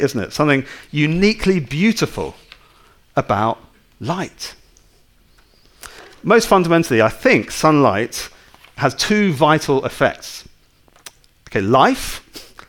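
Lively male preacher. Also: a little high. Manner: conversational, full of rhetorical tag questions. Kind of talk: sermon.

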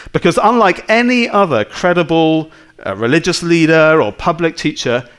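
Lively male preacher. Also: on the high side, moderate pace, smooth. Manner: conversational, full of rhetorical tag questions. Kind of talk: sermon.

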